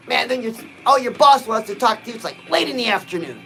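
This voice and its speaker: A man's voice: very high-pitched, lively intonation, fairly quick, few pauses, fairly bright tone, faint music behind, low-quality recording. A man giving a punchy, exhorting motivational pep talk to his viewers, dropping frequent "oh"s as he talks. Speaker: motivational livestream host.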